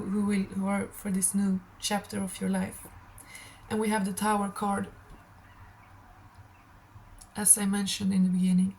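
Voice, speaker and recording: Hoarse woman giving a tarot reading. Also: mid-range voice, mellow, slight background noise, rough recording. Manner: rambling, emphatic, repeats affirmations. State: hoarse, tired throat. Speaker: tarot reader.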